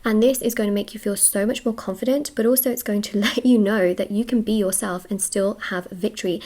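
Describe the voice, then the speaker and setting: A woman giving a casual tarot reading to her viewers, talking fast, slightly out of breath, gushing and reassuring with many fillers. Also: medium pitch, steady tone, dark tone. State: short of breath. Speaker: tarot reader. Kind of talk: casual spiritual reading to camera.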